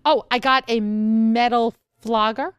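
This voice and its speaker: A woman co-hosting a podcast in casual chat, chatty and excitable, often trailing off mid-sentence. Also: a little high, takes it slowly, clean tone, no room sound, studio quality. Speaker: podcast co-host.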